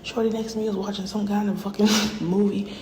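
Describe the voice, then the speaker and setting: A woman's voice: medium pitch, flat delivery, brisk, a little mellow, slight background noise, low-quality recording. A woman rapper in a profane, rambling livestream rant that often sinks to a whisper.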